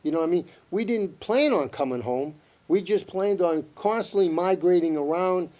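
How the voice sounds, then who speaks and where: Boston guy telling stories, all animated, kinda high voice. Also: moderate pace. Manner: animated, lively storyteller. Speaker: guest. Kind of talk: casual storytelling chat.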